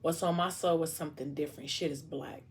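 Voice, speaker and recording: Lady reading out a hurting young guy, ashamed, low and subdued, kinda deep. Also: steady tone, fast talker, slight background noise, close to an everyday voice. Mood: weary. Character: troubled young man, guarded and ashamed.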